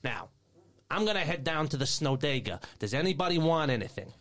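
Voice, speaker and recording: A man voicing a prim old female elf receptionist, polite and fussy, speaking high and slow. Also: big pitch swings, fairly bright tone.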